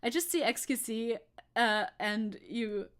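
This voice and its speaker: A young woman chatting on a live stream, rambling from one thought to the next with frequent giggles. Her voice sits a little high, and she reads chat messages aloud as she goes. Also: a little slow. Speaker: VTuber streamer.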